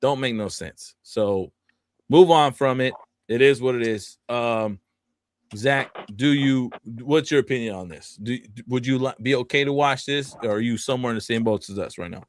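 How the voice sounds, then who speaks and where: A man's voice: medium pitch, moderate pace. A man co-hosting a podcast, ranting casually and animatedly with lots of swearing. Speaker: podcast co-host.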